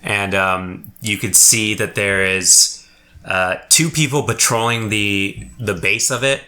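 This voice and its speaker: Casual male game master, low-pitched and bright, halting delivery. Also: steady tone. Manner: casual, hesitant, lots of fillers. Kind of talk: narrating a tabletop game.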